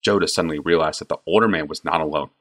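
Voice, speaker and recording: A man narrating a fantasy audiobook in expressive storytelling. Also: rumbling low, racing. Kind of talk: scripted narration.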